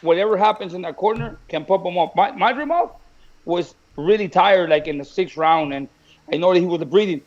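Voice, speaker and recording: A man who trains boxers, telling stories in a lively way in a casual chat, often restarting his sentences. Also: high voice, fairly quick, muffled recording. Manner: animated, tells stories with repeats and restarts. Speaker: boxing trainer.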